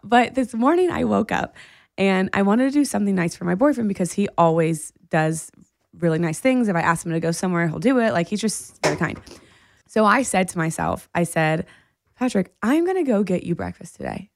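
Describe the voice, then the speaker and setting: A woman co-hosting a podcast, telling a story in casual chat, animated and laughing often. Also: mid-range voice, fairly quick, gravelly, no echo. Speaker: podcast co-host.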